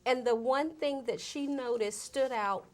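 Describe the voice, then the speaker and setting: A woman's voice: sits high, a little slow. A woman, a guest on an interview show, talking earnestly and emphatically about her outreach work. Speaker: guest from an AIDS service organization. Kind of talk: casual interview conversation.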